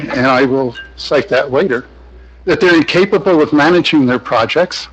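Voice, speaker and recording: A man speaking during public comment at a county meeting. He talks in a forceful, formal and accusatory way. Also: fairly high pitch, normal speed, muffled recording, soft background music. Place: county commission meeting room.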